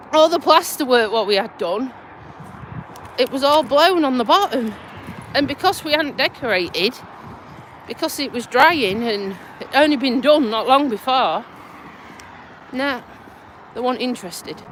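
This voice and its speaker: A vlogger and community nurse from Lincolnshire, England, chats bluntly on a live stream while walking outdoors by a tidal river bridge, swearing casually, out of breath and stuffy with a cold. She speaks with a Lincolnshire accent in a high, lively voice, unhurried and pausing often, with a little hiss or hum.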